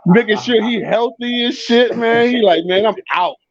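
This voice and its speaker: A man of fifty talks as a guest in a loose, profane, rowdy way, sliding into a deeper voice whenever he acts out other people. His voice sits high for a man. The audio is dull and lo-fi. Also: normal speed, a crowd in the background. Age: 50s. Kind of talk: casual chat.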